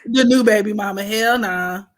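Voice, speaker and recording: A woman hosting a casual livestream, greeting chat viewers and reading astrology charts in an animated way. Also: mid-range voice, normal speed. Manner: animated, greets chat by name, breaks into singing. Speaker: livestream host and astrology reader.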